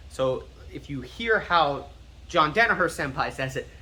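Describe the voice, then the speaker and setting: An American martial arts instructor explaining terms in a casual teaching style. He is self-confessedly nerdy and repeats words slowly to drill their pronunciation. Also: fairly high pitch, expressive, bright, forceful tone. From United States.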